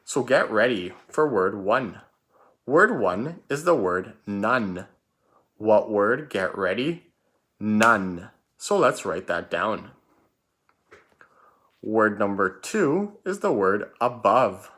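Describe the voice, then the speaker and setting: A man's voice: on the low side, big pitch swings, takes it slowly, long pauses, a bit bright. A man teaching a recorded spelling lesson for children, patient and repetitive, calling out words and letters.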